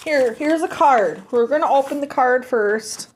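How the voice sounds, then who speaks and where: A woman's voice: high-pitched, a little slow, few pauses. A woman hosting a casual vlog, chatting while opening fan mail and gushing with sentimental thanks. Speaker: vlog host.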